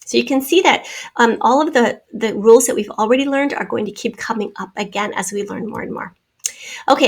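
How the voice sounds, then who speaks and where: A woman teaching a spelling lesson, patiently sounding out words and letters as she draws on the screen. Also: fairly high pitch.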